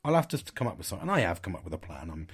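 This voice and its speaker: Middle-aged podcast host, lowish voice, frank and rambling monologue. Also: male voice, very animated, racing, slightly rough. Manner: candid, sweary, rambling with restarts. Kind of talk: casual storytelling monologue.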